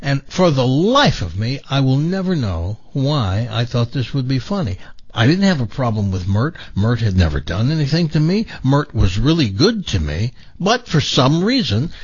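Animated self-mocking male storyteller. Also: mid-range voice, normal speed, husky, dry recording. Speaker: radio show host. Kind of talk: casual storytelling chat. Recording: dull lo-fi broadcast sound.

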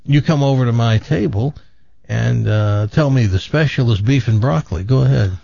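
A man's voice: mid-range voice, vocal fry, dark tone, dry recording, lo-fi sound. A man hosting a radio show, chatting casually in a blunt, joking way. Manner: blunt, joking, quick to dismiss.

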